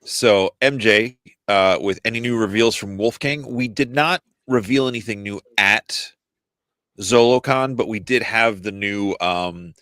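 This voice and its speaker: A man on a video call explaining new product news to a podcast, halting with many fillers. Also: fairly low pitch, a bit bright, dry recording. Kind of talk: casual chat.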